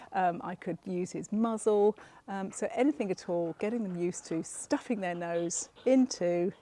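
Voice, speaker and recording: A woman's voice: medium pitch, dark tone. A woman dog trainer, patiently explaining a training exercise step by step and encouraging the dog. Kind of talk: hands-on dog training instruction.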